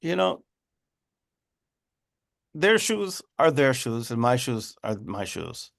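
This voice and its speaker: A man's voice: mid-range voice, sing-song, slow pace, creaky, a bit bright, heavily acted. A man voicing a proud, cheerful shoemaker from a folk story, fond and unbothered by his modest work. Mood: content. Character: cheerful proud old-world male shoemaker.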